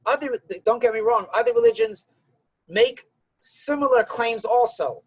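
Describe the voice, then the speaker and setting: A rabbi giving a conversational religious lesson and telling a story to illustrate it. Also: male voice, very high-pitched, normal speed, breathy edge, no room sound, dull audio.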